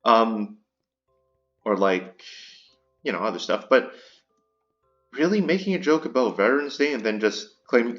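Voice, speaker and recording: A man's voice: mid-range voice, big pitch swings, moderate pace, pauses often, lo-fi sound, faint music behind. A man delivering an indignant commentary rant, stumbling and repeating words as he vents. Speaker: commentary YouTuber. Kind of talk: ranting commentary.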